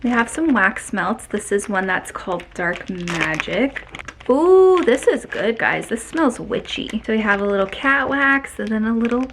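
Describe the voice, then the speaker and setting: A woman's voice: mid-range voice, normal speed, hardly any pauses, noisy background. A woman vlogger opening fan mail at home, chatting casually and reading letters aloud, gushing and exclaiming often.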